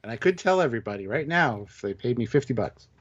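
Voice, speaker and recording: Animated man in his fifties on a lo-fi stream. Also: mid-range voice, fast. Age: 50s. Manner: animated, self-mocking, laughs often. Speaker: co-host. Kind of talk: casual livestream chat. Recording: dull lo-fi stream audio.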